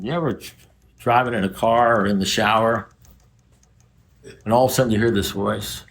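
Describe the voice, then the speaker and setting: A man's voice: on the low side, fairly even intonation, moderate pace, creaky, pauses often. A man in his seventies speaking to a recovery group, blunt and profane, mixing warnings with jokes. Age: 70s. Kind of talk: recovery meeting talk. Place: recovery meeting room with a group.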